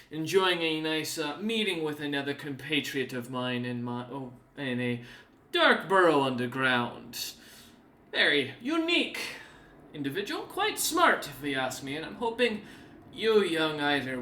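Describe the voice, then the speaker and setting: Man playing a sneering demon merchant, dapper and menacing, higher than his own voice, bright and loud in a roomy space. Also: heavily acted. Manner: smug, condescending, mock-friendly. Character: dapper cat-eared male demon merchant, smug and menacing.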